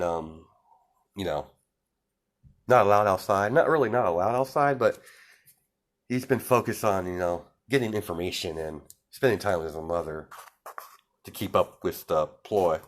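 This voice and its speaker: A man casually telling an improvised story, rambling with lots of fillers and restarts. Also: low-pitched.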